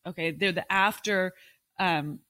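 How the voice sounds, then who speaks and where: A woman hosting a solo podcast, talking casually and thinking aloud, often checking in with a quick "right?". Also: lowish voice, bright, forceful tone. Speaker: podcast host.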